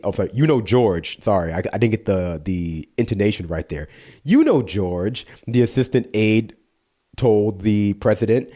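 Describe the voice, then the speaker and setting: Male streamer, lowish voice, reads text aloud then riffs sarcastically. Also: mellow. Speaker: streamer reading an article aloud. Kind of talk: casual live-stream reading with commentary.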